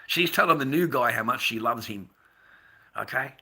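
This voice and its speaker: A middle-aged man talks straight to his livestream audience, blunt and profane, circling back on himself with stammered restarts. His voice is very bright and sharp-edged. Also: mid-range voice, lively intonation, moderate pace, vocal fry, slightly rough. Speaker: livestream host. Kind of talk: casual livestream rant.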